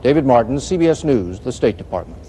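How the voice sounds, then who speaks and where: A man narrating a television news report as a correspondent, in a steady, even manner. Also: mid-range voice, quick pace, slight background noise.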